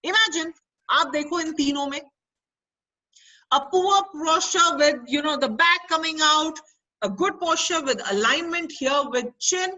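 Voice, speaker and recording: A woman's voice: sits high, fairly quick, sharp tone, low-quality recording. An Indian woman giving a career counselling webinar to students, switching between English and Hindi and quizzing her listeners. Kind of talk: interactive webinar lecture. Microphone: video call.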